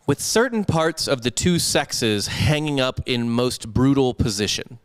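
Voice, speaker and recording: A man's voice: mid-range voice, lively intonation, a little slow, smooth. A young man casually telling a history story on a comedy podcast, rambling and profane, sometimes slipping into put-on voices.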